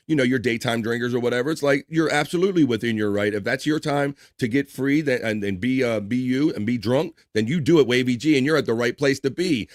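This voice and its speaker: Guy hosting a live stream, reads the chat out loud and riffs, dry close mic. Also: mid-range voice, no room sound. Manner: chatty, reads viewer comments aloud with running banter. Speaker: livestream host reading chat. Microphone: studio microphone.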